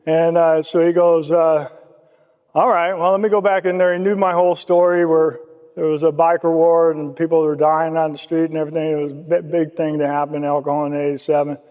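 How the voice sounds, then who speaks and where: A man's voice: on the high side, little pitch movement, brisk, a little mellow, clean tone, in a large hall. A man giving a casual personal testimony at a recovery meeting, acting out the voices of people he quotes.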